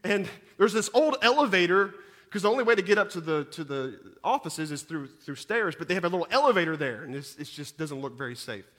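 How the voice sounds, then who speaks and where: A man, preaching a sermon that moves between scripture reading, prayer and lively storytelling, often repeating words as he goes. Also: a little fast. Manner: animated storyteller, repeats words, rises in pitch and volume at dramatic moments. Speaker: pastor.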